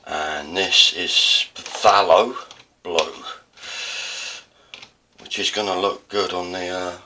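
A man's voice: low voice, fairly even intonation, slow pace, distant mic, background noise. A man with an Essex accent, chatting casually and rambling while he demonstrates printmaking, self-deprecating and prone to digressions. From Essex, South East England. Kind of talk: casual tutorial narration.

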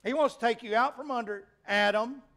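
A man's voice: extremely high pitch, brisk. A middle-aged man, preaching a sermon in a folksy, emphatic way. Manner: folksy, animated preaching with rising emphatic peaks. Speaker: pastor.

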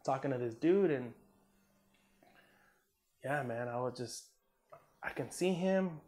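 Taking it slowly in a mid-range voice, an Army combat veteran tells a war story in a casual interview. He's from Southern California and stays relaxed and profane, dropping "man" and "you know" throughout and acting out what people said.

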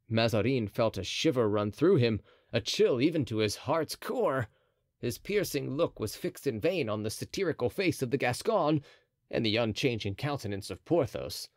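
A man's voice: medium pitch, expressive, moderate pace, no room sound, studio quality. A man narrating a classic adventure novel as an audiobook, telling the story expressively. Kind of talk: scripted narration.

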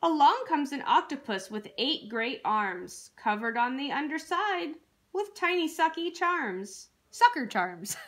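A woman reading a rhyming children's picture book aloud with an expressive rhythmic delivery. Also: sits high, a little slow. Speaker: children's storyteller.

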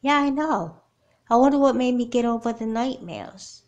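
A woman's voice: fairly high pitch, animated, moderate pace, darkish tone, highs cut off, lightly acted. A woman voicing a wary, earnest young girl doll in a homemade doll movie, who speaks bluntly.

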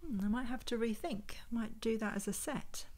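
A woman's voice: fairly high pitch, darkish tone. Chatty woman showing her finds. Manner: chatty, unhurried, thinking aloud while handling items. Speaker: vintage homeware reseller. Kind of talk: casual show-and-tell vlog. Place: at home.

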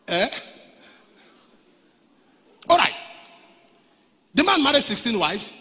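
A male pastor preaching a sermon, dropping to quiet storytelling and then rising to shouted lines. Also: extremely high pitch, very animated, slow pace, pauses often. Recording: reverberant hall.

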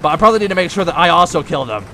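A young man giving casual gameplay commentary, breaking into frustrated, yelling outbursts at the game. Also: on the high side, animated, racing, a little hiss or hum. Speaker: let's play gamer.

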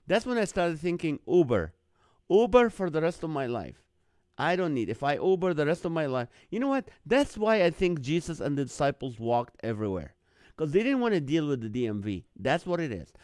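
Speaking fairly quickly in a fairly high voice, a Middle Eastern man hosts a live online show and tells a comic story. He is animated, acting out other people's lines in a jumped-up voice, and the studio recording has no room sound.

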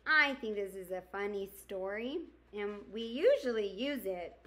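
A woman teacher reading a picture book aloud to young children, expressive and asking her listeners questions. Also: medium pitch. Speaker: kindergarten teacher. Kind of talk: storybook read-aloud for children.

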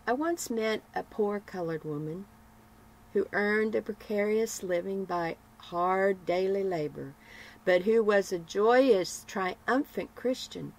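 A woman reading a morning devotional as a sermon, with measured phrasing and emphatic repetitions. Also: medium pitch, rough recording. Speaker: devotional broadcaster.

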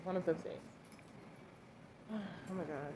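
A woman's voice: fairly low pitch, slow, background noise. A woman chatting casually to her camera in a vlog. She rambles and sighs often while waiting outdoors for a cab. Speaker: vlogger.

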